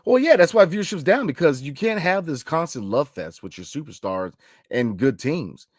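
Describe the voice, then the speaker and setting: A man hosting a sports podcast late at night, reading listener comments and talking in an animated casual way, full of slang and repeated fillers. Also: a little high, moderate pace, no echo, clean studio sound. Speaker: podcast host.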